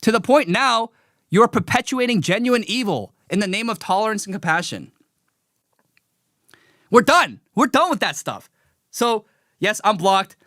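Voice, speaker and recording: A man hosting a live commentary show, talking in an animated, sarcastic way. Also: sits high, a little slow, long pauses, dry recording, clean studio sound. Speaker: show host.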